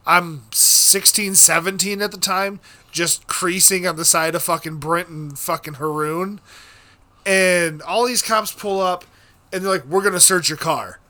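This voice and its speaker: A young man with a high, sharp, forceful voice recounts a story in casual podcast chat. He swears constantly, speeds up and slows down, and breaks into shouts when reenacting the scene. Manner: profane, animated, bursts into shouting when reenacting.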